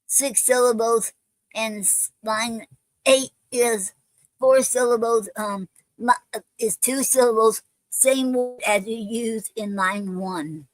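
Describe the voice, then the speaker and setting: A woman's voice: on the high side, slow, no room sound, low-quality recording. A woman hosting a casual live stream, talking with many ums and restarts.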